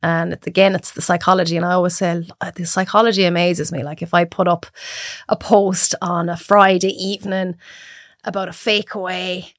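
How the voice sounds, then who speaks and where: An Irish woman chatting as a podcast guest, telling lively stories and acting out her own reactions. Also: fairly low pitch, moderate pace, dry recording, clean studio sound. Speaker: guest cook. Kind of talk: casual chat.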